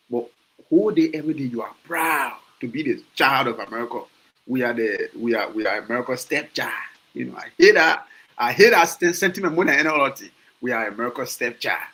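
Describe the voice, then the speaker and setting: This is a Liberian man with a Liberian accent speaking his mind on a casual podcast. His voice sits a little higher than most men's. He gets worked up, circles back over his own words and throws out rhetorical questions. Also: big pitch swings, quick pace, fairly bright tone, poor audio. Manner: passionate, repeats words and restarts, asks rhetorical questions. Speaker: podcast host. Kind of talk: casual opinion talk.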